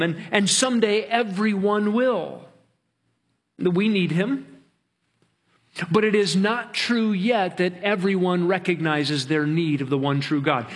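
A man pastor preaching a sermon, earnest, slowing down to stretch key words. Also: high-pitched, husky.

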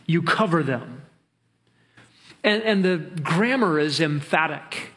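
A man pastor preaching a sermon, earnest, slowing down to stretch key words. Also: on the high side, expressive, a bit bright, breathy edge.

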